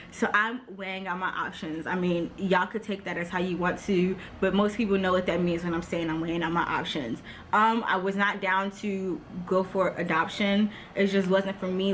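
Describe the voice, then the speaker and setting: A young woman in her twenties talking casually in a storytime vlog, chatty, full of "like" and quick laughs. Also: fairly low pitch, a bit bright, a little hiss or hum. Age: 20s. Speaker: vlogger.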